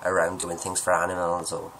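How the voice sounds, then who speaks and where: A man's voice: sits low, completely flat delivery, brisk, a bit bright, a little hiss or hum, rough recording. A man answering viewer questions at home in a rambling, joking, self-deprecating way. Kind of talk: casual Q&A monologue.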